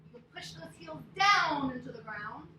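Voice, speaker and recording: A woman leading young children through an interactive story and yoga lesson, expressive and prompting them to repeat after her. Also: high voice, moderate pace. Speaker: preschool teacher leading kids' yoga. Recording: echoey, distant, noisy room.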